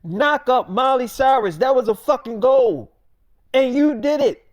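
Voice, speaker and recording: A man's voice: extremely high pitch, measured pace, no echo. A man voicing his hot-headed best friend who rants with constant profanity and threats. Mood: angry. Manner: profane, aggressive ranting.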